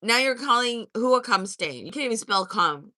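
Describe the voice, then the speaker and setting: A sassy woman in her fifties who chats with live viewers in a blunt, cussing way. Her voice is bright and edgy, and her pitch swings a lot. The sound is close and dry. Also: expressive, normal speed, dry recording. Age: 50s. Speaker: livestream host. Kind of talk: casual live-stream chat, answering viewer comments.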